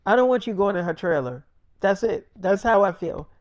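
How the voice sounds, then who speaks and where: A man's voice: high-pitched, lively intonation, moderate pace, dry recording, clean studio sound. A man playing a jealous young wife who lays down rules firmly. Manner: firm, laying down rules.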